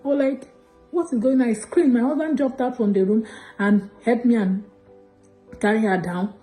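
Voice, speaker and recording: A woman telling an emotional testimony in church. Her voice is a little high but mellow and warm. Faint music plays behind her. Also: moderate pace, low-quality recording. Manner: emotional, retelling with quoted dialogue. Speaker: testimony giver.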